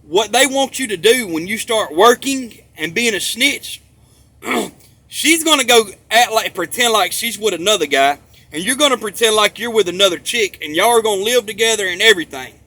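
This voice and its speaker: Bright-voiced high man, emphatic rant. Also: expressive, normal speed. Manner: emphatic, profane, repeats himself for stress. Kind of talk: rambling monologue to camera.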